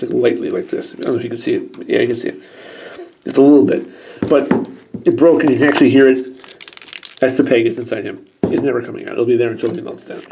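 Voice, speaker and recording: A man in his thirties reviewing an old toy, excitable and sarcastic, joking to the figures as he goes. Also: medium pitch, slight background noise. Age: 30s. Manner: excitable and sarcastic, talks to the toys.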